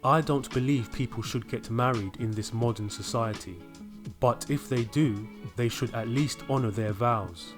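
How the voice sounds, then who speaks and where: A male commentator reads his remarks in an even, lecturing manner at an average pitch. Music plays steadily beneath his voice. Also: moderate pace. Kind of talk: scripted commentary.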